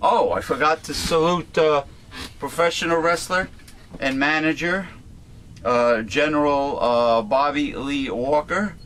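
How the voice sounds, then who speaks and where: A man's voice: a little high, measured pace, a bit bright, slight background noise. A man hosting a talk show, speaking in casual commentary that halts and restarts with repeated words.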